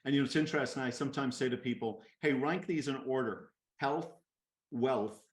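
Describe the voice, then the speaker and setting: A man's voice: medium pitch, brisk, roomy sound. A man hosting a call interview, encouraging and affirming his guests. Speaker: host.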